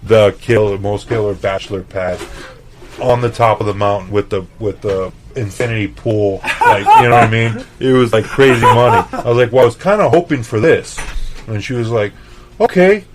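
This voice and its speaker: A man with a fairly low voice tells a rambling, animated story about a kitchen job. He swears casually, acts out other people's lines, and keeps checking in with his listener. A faint noise floor sits under the recording. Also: moderate pace. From El Paso, Texas. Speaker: chef guest.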